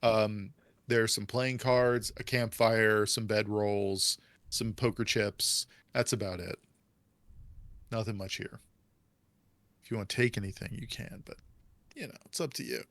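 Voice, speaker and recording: A man's voice: fairly low pitch, fairly even intonation, a little slow, creaky, pauses often, a bit bright, no room sound. A man narrating as game master of a tabletop role-playing game, chatty and rambling with fillers.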